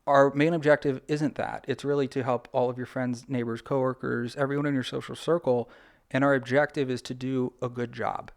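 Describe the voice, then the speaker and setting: A man speaking as a guest on a podcast interview, his voice gravelly with a creaky edge. He explains his points in a lively, conversational way, full of "like"s and asides. He sounds like a practical lawyer giving frank advice. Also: medium pitch, fairly quick. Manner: animated, talks things through with lots of "like" and acted-out quotes. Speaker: personal injury attorney, podcast guest.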